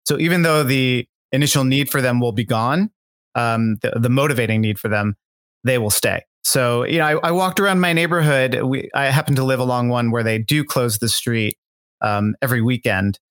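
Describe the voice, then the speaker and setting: A man's voice: mid-range voice, normal speed, fairly bright tone. Chatty man rambling through his thoughts. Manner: rambling and thoughtful, many fillers and restarts. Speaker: guest. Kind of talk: casual interview talk.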